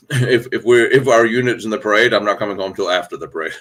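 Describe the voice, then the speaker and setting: A man's voice: deep voice, quick pace, fairly bright tone. A man hosting a casual live stream, rambling and laughing as he talks, with many restarts. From United States. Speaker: host. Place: hotel room in a city.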